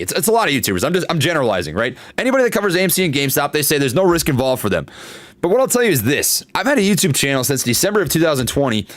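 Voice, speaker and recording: Man, stock livestream host, casual chat, animated, fillers and repeats, higher voice, dry close sound. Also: no room sound. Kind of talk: casual livestream chat reading viewer comments. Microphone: desktop studio microphone.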